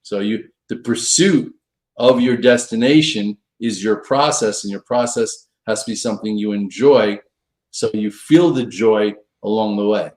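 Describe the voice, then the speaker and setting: A man's voice: lowish voice, unhurried, a little mellow. A middle-aged man, a pro trader, casually telling a story on a live stream, acting out quoted dialogue with big jumps in his voice.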